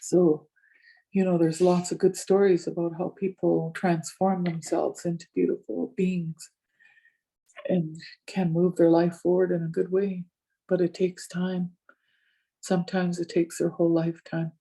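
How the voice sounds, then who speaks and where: An older woman speaking as a community elder, recounting a story and acting out both sides of each conversation. Her voice is very mellow and dark, with a husky edge. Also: lowish voice, unhurried. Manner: animated retelling with many quoted exchanges. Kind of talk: storytelling talk.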